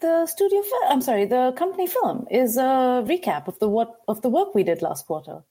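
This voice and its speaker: A woman's voice: high voice, sing-song, normal speed, mellow, slightly rough. A woman chatting casually as a podcast guest. She speaks in a plain, matter-of-fact way and pokes fun at herself. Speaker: podcast guest, corporate video narrator. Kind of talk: casual chat.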